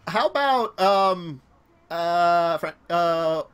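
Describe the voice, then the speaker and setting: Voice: medium pitch, animated, very slow, a bit bright, clear, resonant tone. A game master narrating a tabletop game, rambling with many fillers and little laughs.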